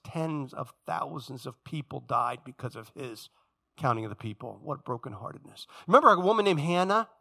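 A man in his forties preaching a sermon as pastor, telling stories dramatically and swinging from loud passages to hushed ones. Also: high-pitched, gravelly. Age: 40s.

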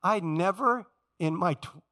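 A man in his forties preaching a sermon as pastor, telling stories dramatically and swinging from loud passages to hushed ones. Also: sits high, unhurried. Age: 40s.

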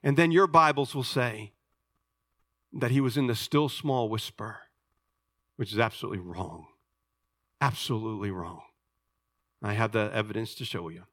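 An older man preaching a sermon as pastor, impassioned, swinging between loud declarations and hushed asides. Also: fairly low pitch, normal speed, long pauses, no echo, clean studio sound.

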